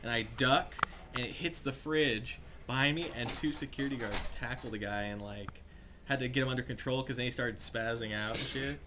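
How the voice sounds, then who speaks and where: A young man tells a wandering anecdote in a loose, profane way, full of likes and ums. His voice sits at a middle pitch, and steady noise runs under the amateur recording. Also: normal speed. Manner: rambling, profane, full of fillers. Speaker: storyteller. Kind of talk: casual story among friends.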